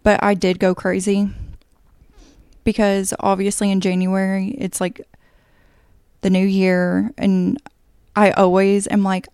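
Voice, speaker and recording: A young woman co-hosting a podcast in a relaxed, agreeable way. Her voice is smooth and resonant with a gravelly fry, recorded close and dry. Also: mid-range voice, slow pace, dry recording. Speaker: podcast co-host. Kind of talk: casual chat.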